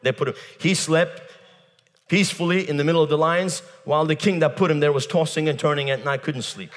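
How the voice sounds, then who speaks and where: A man preaching a fiery sermon, shouting, breaking into tongues and mocking laughter. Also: on the high side, a little fast. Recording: long hall reverb.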